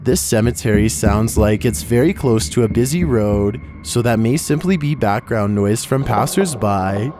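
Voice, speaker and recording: A man giving scripted narration for a horror countdown video, with measured, wry commentary. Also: on the low side, expressive. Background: background music.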